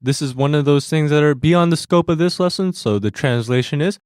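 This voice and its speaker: A man's voice: a little high, brisk, darkish tone, clear, resonant tone, no echo, studio quality. A man hosting a language lesson, explaining Korean phrases to learners step by step in a friendly way that breaks into easy laughter.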